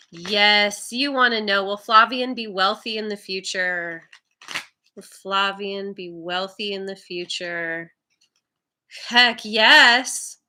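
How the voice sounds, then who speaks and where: Woman, live tarot host, slow delivery, bright tone, giggly and encouraging, trips over names. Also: a little high. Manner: laughs often, warm and encouraging to viewers; stumbles over viewer names. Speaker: tarot reader hosting a live stream. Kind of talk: casual live-stream chat.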